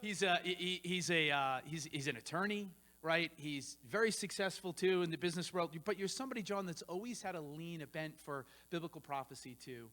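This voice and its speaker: A man preaching to a congregation as a pastor hosting a church panel, energetic and rambling, with restarts and asides, in a church sanctuary. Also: on the high side, fairly quick, few pauses, long reverb tail. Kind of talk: informal sermon-style talk to a congregation.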